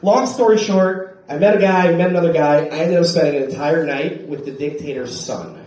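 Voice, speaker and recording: A man's voice: on the high side, brisk, far from the mic, a little hiss or hum. American man doing stand-up in an echoey club. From United States. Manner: storytelling with frequent "right?" tags, loud shouted punchlines. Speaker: stand-up comedian. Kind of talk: live stand-up set. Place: comedy club stage. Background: audience laughter.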